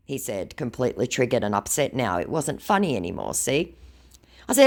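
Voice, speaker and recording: Sarcastic woman with an animated voice. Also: a bass voice, normal speed, gravelly. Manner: sarcastic, mocking, heated. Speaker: scam baiter. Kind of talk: reading out chat exchanges.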